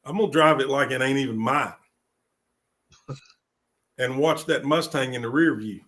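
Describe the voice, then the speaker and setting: A man, co-hosting a car podcast and dropping dry, deadpan jokes. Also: medium pitch, normal speed. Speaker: podcast co-host. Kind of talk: casual chat.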